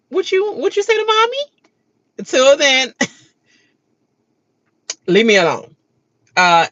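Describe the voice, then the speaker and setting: Bright-voiced woman ranting about a show. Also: sits low, breathy edge, dull audio. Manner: animated, laughing, mock-quoting others; loose casual grammar. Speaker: reaction video host. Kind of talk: casual reaction rant.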